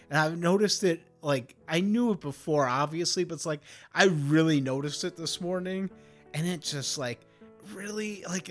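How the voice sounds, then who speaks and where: A man hosts a solo podcast in a rambling, profane rant. He swings between loud, heated bursts and low, muttered asides. His pitch sits in an ordinary middle range, and faint music plays under the talk. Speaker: podcast host. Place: home setup, recording alone.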